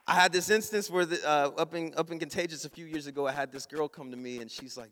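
A man preaching a storytelling sermon, acting out his own thoughts and his wife's replies in a lively, casual way. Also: on the high side, quick pace, hardly any pauses, big-room sound, a faint crowd. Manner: animated, acts out his own inner voice and his wife's.

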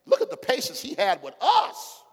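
A middle-aged pastor with an African American Vernacular English accent preaches in a high voice. He drops to a hush and builds to shouts, calling out to the congregation. The sanctuary gives his voice a long, ringing reverb. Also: huge pitch swings, moderate pace, slightly rough. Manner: call-and-response preaching, swings from hushed to shouting. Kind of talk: sermon. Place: church sanctuary.

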